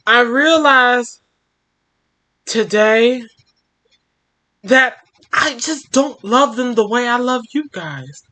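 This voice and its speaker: A woman voicing a gentle young woman, speaking low and quiet while reading a story aloud. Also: lively intonation, slow, long pauses, exaggerated voice, rough recording. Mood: tender.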